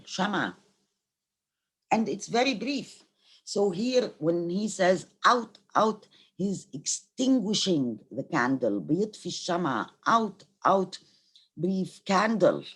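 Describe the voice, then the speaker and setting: Her voice is on the low side and slightly rough. This middle-aged Egyptian lecturer, whose native language is Arabic, teaches university literature by reciting verse, then explaining and glossing every line in Arabic.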